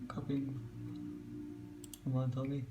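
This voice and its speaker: Gravelly man muttering through a tutorial. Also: a little high, fairly even intonation, measured pace, a little mellow, dull audio, faint music behind. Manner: muttering to himself, frustrated, joking. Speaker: tutorial host. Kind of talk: casual screen-recorded software tutorial.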